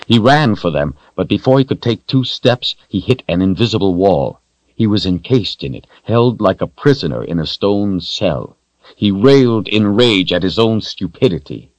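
A man reading a fantasy novel aloud in a steady, grave storytelling manner. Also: low-pitched, dry recording, poor audio. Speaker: audiobook narrator. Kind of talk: scripted fantasy narration.

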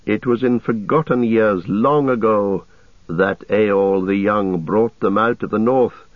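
A weary but steady ranger leader, as a male reader voices him, low, calm and measured, grave in every word. Heard thin and tinny through a dry, phone-like radio sound. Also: dry recording.

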